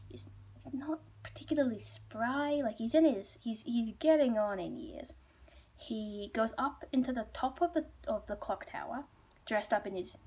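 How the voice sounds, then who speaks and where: A woman's voice: medium pitch, darkish tone, slightly rough. A woman storyteller retelling a folk tale casually, chatty and rambling, with many asides.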